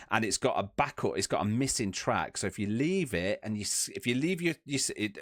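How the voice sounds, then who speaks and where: A man's voice: lowish voice, dry recording, clean studio sound. A young man chatting enthusiastically on a podcast, rambling and restarting his sentences. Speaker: podcast co-host. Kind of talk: casual chat.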